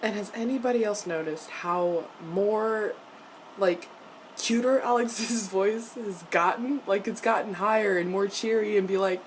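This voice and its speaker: A young woman reacting to a TV episode in a casual vlog, animated and profane, with frequent laughs. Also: mid-range voice, unhurried, slight background noise. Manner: laughs often between lines.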